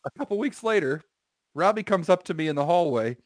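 A man's voice: high-pitched, lively intonation, fairly quick, dry recording, clean studio sound. A man telling a long, rambling anecdote with swearing and self-corrections in casual podcast chat.

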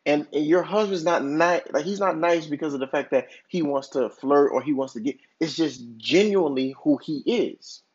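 Husky man rambling on a podcast. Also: a little high, moderate pace, hardly any pauses. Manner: rambling, filler-heavy storytelling with many "like"s and restarts. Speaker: podcast host. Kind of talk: casual podcast monologue. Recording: dull lo-fi recording.

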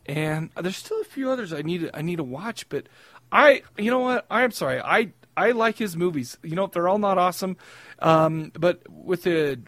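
A young adult man with a fairly high voice co-hosts a podcast. He rambles and laughs through crude, casual banter, close to the mic in a dry room. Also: expressive, normal speed, fairly bright tone, no echo. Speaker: podcast co-host. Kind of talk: casual chat.

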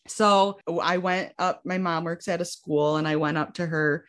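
A woman's voice: lowish voice, normal speed, few pauses. A young woman in her twenties casually telling her own story, acting out what people said and using lots of "like". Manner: animated, acts out quotes with lots of "like". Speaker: guest sharing her story.

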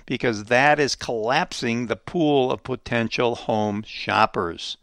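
Male show host, gravelly, mid-pitched, emphatic commentary with rhetorical questions, dry close sound. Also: slow pace, a bit bright, no room sound. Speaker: radio program host. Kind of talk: economic commentary monologue.

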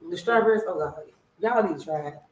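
A woman's voice: on the low side, quick pace, darkish tone. A woman on a podcast cast, chatting casually and playfully, acting out scenes as she talks. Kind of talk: casual chat. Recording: echoey room with faint noise.

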